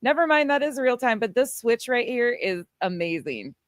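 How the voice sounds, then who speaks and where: A woman's voice: on the high side, very animated, normal speed, dry recording. Blunt, foul-mouthed woman commentator, dry sound. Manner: blunt and profane, laughing often. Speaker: commentary channel host. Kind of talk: casual reaction commentary.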